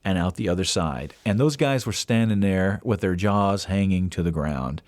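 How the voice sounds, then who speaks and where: Lively man telling a story. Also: low-pitched, normal speed, dry recording, clean studio sound. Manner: animated, acts out quoted voices. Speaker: podcast host. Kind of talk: casual storytelling.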